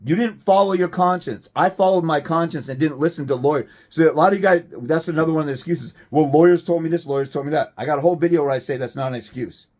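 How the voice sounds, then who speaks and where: A man's voice: on the high side, quick pace, few pauses. A man giving a blunt, profane, combative rant to camera as a fathers' rights advocate, firing off rhetorical questions.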